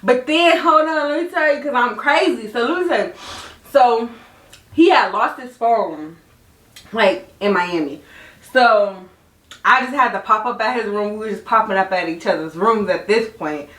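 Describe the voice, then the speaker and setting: A young woman, hosting a podcast and telling a story in casual chat, animated and laughing, her voice jumping high and low. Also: normal speed, recorded from a distance. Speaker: podcast host. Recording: echoey room, voice off mic.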